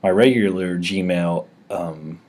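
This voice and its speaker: A man's voice: sits low, takes it slowly, a little mellow. A man hosting a casual tech show, rambling with lots of fillers and restarts. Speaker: host. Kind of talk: casual screen-recorded tech chat.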